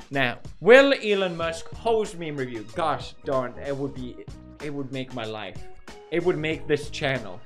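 Lively, exclaiming young male host. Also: fairly high pitch, measured pace, faint music behind. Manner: animated, exclaiming, laughing, mock-outraged. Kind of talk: comedic meme reaction commentary.

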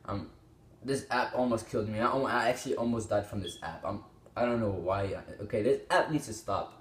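A teenage boy hosts a reaction video, rambling, exclaiming, and swearing a lot as he gives casual commentary. His voice is on the low side and fairly quick, picked up by a small desktop microphone in an echoey room.

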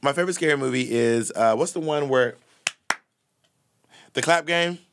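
A man's voice: mid-range voice, normal speed, background noise. A young man co-hosting a podcast in casual banter, sassy, argumentative and full of slang. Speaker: podcast co-host. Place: podcast booth.

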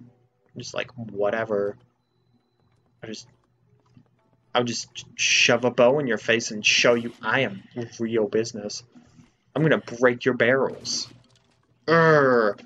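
A young man chatting through a video game in a slow, unhurried drawl. He is playful and mock-exasperated. The recording is dull and lo-fi with a faint hiss. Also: mid-range voice, fairly bright tone. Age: young adult. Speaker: gamer. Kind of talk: let's play commentary.

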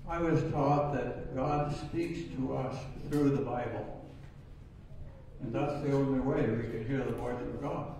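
A man in his nineties giving a sermon in a church, talking in a plain, unhurried way. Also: mid-range voice, warm tone, a little hiss or hum. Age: 90s. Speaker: church speaker. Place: church sanctuary. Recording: echoey hall, voice from far off.

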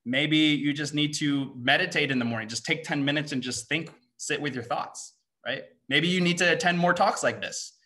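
A man's voice: fairly high pitch, pushed and bright. A young man giving a motivational seminar to students, firing off rhetorical questions and ending points with "right?". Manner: rapid-fire rhetorical questions, frequent "right?". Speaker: seminar speaker and mindset coach.

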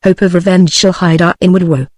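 A text-to-speech British woman voicing a grieving, vengeful young Trojan prince in an even tone. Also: on the low side, a little fast, dry recording, studio quality, natural voice. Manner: flat synthetic delivery.

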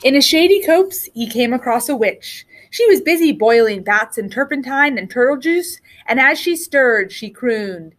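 A woman teacher reads a picture book aloud with expressive storytelling. Her voice is on the higher side and moves a lot in pitch. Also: a little slow, few pauses.

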